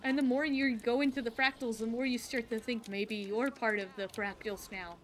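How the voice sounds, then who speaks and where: Woman streamer, casual live-stream chat, slightly high voice, faint background hiss. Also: normal speed. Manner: excitable, chatty, answers chat as she plays. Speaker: game streamer.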